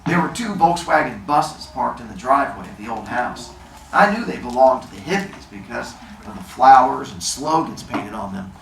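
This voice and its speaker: A man of middle pitch reads a novel chapter aloud and breaks off now and then to explain things casually. The room sounds roomy, and a faint noise runs underneath. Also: big pitch swings, moderate pace, vocal fry, fairly bright tone. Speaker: reader and host.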